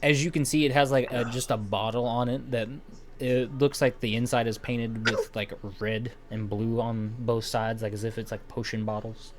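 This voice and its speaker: A man's voice: mid-range voice, flat delivery, moderate pace. Male game master, casual narration, loose and giggly. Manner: casual, filler-heavy, often laughing.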